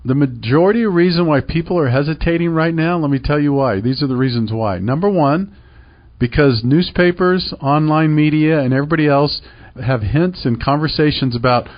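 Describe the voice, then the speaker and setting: A man's voice: on the high side, brisk, muffled recording. A middle-aged man hosting a radio show about real estate, talking in an emphatic, persuasive way that repeats points and asks rhetorical questions. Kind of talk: call-to-action radio talk.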